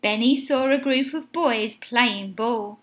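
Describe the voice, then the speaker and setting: A woman teacher reading a children's picture book aloud in an expressive, sing-song way. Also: fairly high pitch, slow. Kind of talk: storybook read-aloud.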